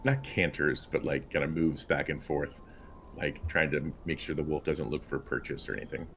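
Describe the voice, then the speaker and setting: Male player, extremely deep voice, loose filler-heavy talk. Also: animated, moderate pace, a bit bright, slight background noise. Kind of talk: casual tabletop game play.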